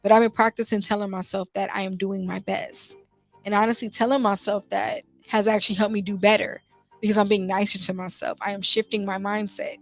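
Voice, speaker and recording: A young woman host with a mid-range voice, flat delivery, and vocal fry talks fairly quickly on a casual motivational show. She sounds heartfelt and conversational, frequently restarting and saying "you know," with faint music in the background.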